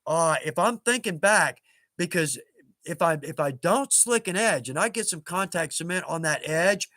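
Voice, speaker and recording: A man's voice: fairly high pitch, lively intonation, normal speed, sharp tone, no echo, studio quality. A man in his fifties hosting a casual livestream, chatting in a rambling, self-mocking way and chuckling at himself. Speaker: livestream host.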